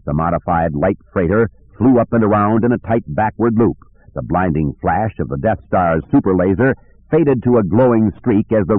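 A man narrating a novel in an expressive storytelling manner. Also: fairly low pitch, no echo. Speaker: audiobook narrator. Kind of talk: scripted narration. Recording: dry tinny phone-like audio.

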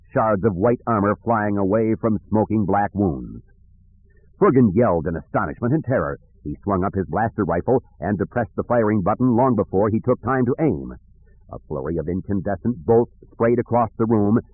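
A fairly low-pitched man narrates an audiobook from a script, keeping his storytelling measured and even. There's no echo, and the audio has a dry, thin, phone-like quality.

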